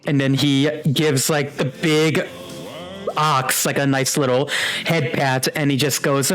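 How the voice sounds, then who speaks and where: A man's voice: medium pitch, level tone, a little slow, a bit bright, soft background music. A man running a tabletop game as game master, narrating in a laid-back way with lots of fillers.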